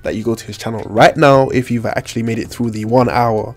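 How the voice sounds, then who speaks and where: A man's voice: mid-range voice, fairly even intonation, fairly quick, darkish tone, soft background music. A man with an African accent hosting a casual podcast chat, rambling and repeating his phrases. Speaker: podcast host.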